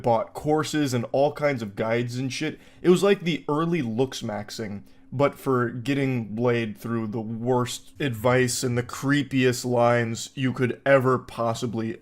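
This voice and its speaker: A man's voice: mid-range voice, measured pace, few pauses. A man hosting a comedic commentary video, reading forum posts aloud and riffing on them in a sarcastic, incredulous way with plenty of filler words.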